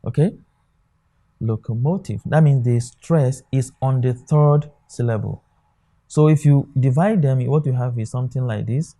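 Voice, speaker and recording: A man gives an exam lesson in a mellow, warm voice. He walks through examples on a board, stopping often to say "okay" and check that students follow. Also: medium pitch, moderate pace. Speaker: exam tutor. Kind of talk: classroom lecture.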